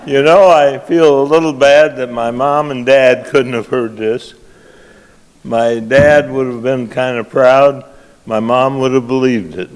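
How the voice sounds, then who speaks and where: A man's voice: mid-range voice, fairly even intonation, a little slow, slight background noise. Older man telling folksy jokes at a banquet. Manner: folksy, self-deprecating storyteller. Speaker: award honoree giving a banquet speech. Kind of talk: after-dinner speech with folksy jokes. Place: large banquet hall. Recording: long reverb of a banquet hall.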